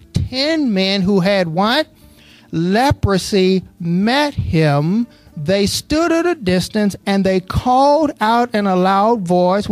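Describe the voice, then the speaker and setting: Call-and-response preacher over soft music. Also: medium pitch, dry recording. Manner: asks the congregation to fill in words; builds from steady Bible reading to impassioned preaching. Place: church.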